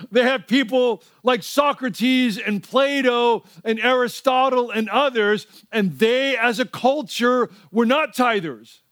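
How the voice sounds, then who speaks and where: A man's voice: extremely high pitch, a bit bright, dry recording, clean studio sound. A middle-aged male pastor preaching a sermon, telling stories in a conversational way and prompting the audience to respond.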